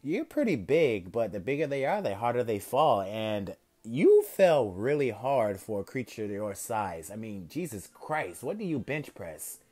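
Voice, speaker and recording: A man's voice: mid-range voice, big pitch swings, unhurried, few pauses, warm tone. Cocky young superhero who won't stop joking mid-fight, voiced by a male fan storyteller. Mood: mocking. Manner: wisecracking, rambling banter. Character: young male masked hero, cocky joker.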